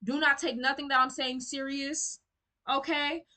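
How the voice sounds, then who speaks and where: Brief: young woman tarot reader talking to camera, blunt and talkative, bright tone. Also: high-pitched, flat delivery, unhurried. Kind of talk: casual tarot reading to camera.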